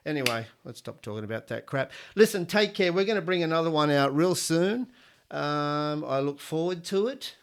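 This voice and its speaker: With a clear, resonant voice on the high side, a middle-aged Australian man hosts a podcast alone, speaking at a moderate pace with lively intonation. He rambles through crude jokes and opinions, swearing plenty.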